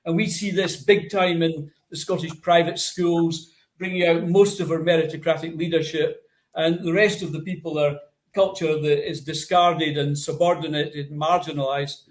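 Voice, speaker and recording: A man's voice: a little high, steady tone, normal speed. A man speaking as a guest in a political discussion, earnest and lecturing, often repeating his words. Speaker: guest academic.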